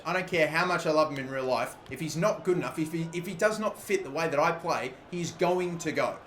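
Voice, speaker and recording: Excitable young man commentating gameplay, roomy sound. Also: sits high, slight background noise. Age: 20s. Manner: excitable, swears freely, loud frustrated outbursts. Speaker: gaming commentator. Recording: roomy echo.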